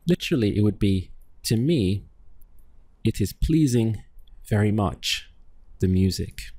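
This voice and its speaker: A man with a fairly low voice leads a language lesson at a very unhurried pace, pausing to quiz the listener. The sound is dry and close, with no room echo. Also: animated, warm tone, husky. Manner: patient, quizzing the listener and modeling words slowly. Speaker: Spanish teacher. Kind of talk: slow, deliberate language lesson.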